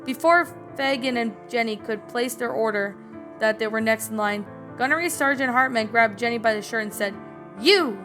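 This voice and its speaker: A woman's voice: a little high, moderate pace, a bit bright. A woman reading a fan story aloud. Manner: casual reading with small slips. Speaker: story narrator and reviewer. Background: background music.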